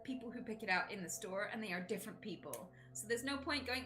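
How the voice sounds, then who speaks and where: A woman streamer chatting casually, swearing freely and acting out lively retellings. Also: mid-range voice, fast, soft background music. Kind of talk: casual chat.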